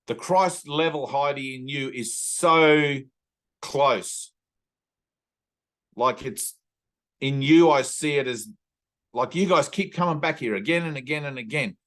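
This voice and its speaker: An Australian man leading a spiritual satsang over a video call, talking earnestly and intimately and slowing right down to stress a point. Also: medium pitch, a bit bright. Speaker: spiritual teacher. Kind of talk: satsang teaching talk.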